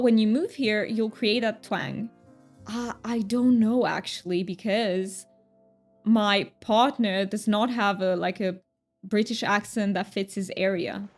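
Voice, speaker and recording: A woman streamer chatting casually while gaming, reading her chat aloud, answering viewers and laughing often. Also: medium pitch.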